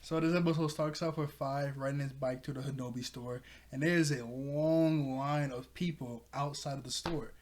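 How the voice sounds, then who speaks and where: A man's voice: steady tone, moderate pace, hardly any pauses. A man giving a casual review of a cartoon episode, talking in a chatty way with frequent laughs and self-corrections. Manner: chatty, laughs often mid-sentence; jumps higher and louder when quoting characters. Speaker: show reviewer.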